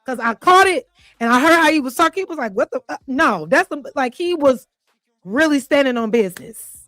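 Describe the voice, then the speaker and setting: A woman's voice: sits high, animated, brisk, fairly bright tone, dry recording, clean studio sound, soft background music. A woman hosting a casual reaction show, talking in a blunt, profane, heated way. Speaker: host.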